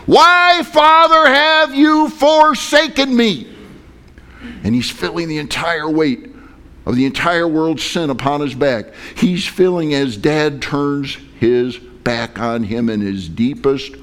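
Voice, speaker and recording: A man's voice: mid-range voice, unhurried. A male pastor preaching a sermon and telling a personal story in a conversational, dramatic way.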